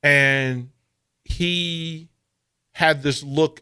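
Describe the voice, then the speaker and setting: A man's voice: on the high side, slow pace, pushed and bright, clean tone. A man hosting a sports radio show, telling a story in a casual chat, laughing often and using casual slang as he acts out quotes.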